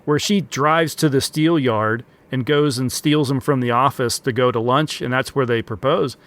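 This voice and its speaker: A man's voice: mid-range voice, normal speed, a bit bright. Musing man podcast co-host. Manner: questioning, musing, restarts. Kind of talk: casual film discussion.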